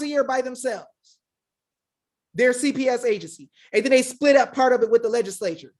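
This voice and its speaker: A woman's voice: fairly high pitch, a little fast, darkish tone. A woman giving an impassioned monologue to her viewers, preachy and fiery, firing off rhetorical questions and calling them y'all. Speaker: online legal rights commentator.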